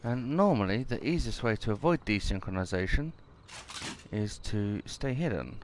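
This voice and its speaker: A man's voice: fairly low pitch, expressive, normal speed, a little hiss or hum. A man giving casual, rambling gameplay commentary and reading mission text aloud.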